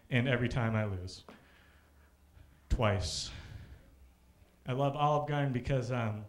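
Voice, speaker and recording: A man hosting a stand-up comedy show on a comedy club stage, animated, bursting into shouted mock rants. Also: fairly high pitch.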